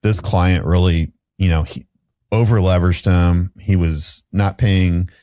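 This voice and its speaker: A man's voice: deep voice, fairly even intonation, measured pace, warm tone, no echo, clean studio sound. A middle-aged man, a podcast guest, telling a candid story in a rambling way with restarts and fillers.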